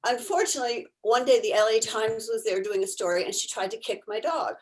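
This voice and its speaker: On poor audio, a woman volunteer with a fairly high, steady voice talks fairly quickly. She tells casual stories about her therapy dogs on a video call, animated and laughing a lot.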